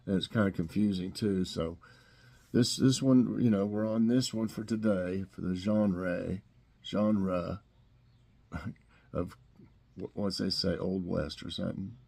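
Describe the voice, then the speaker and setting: A middle-aged host with a Southern US accent casually reads trivia questions and jokes about the silly answers, chuckling plenty. His low voice is creaky and a little mellow, moving at a moderate pace.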